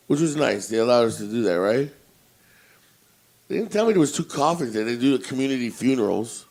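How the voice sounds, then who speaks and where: A man co-hosting a podcast, telling a story in a casual, profane, animated way and acting out his own reactions. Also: medium pitch, fairly quick, a little hiss or hum. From Italian family background. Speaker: podcast co-host.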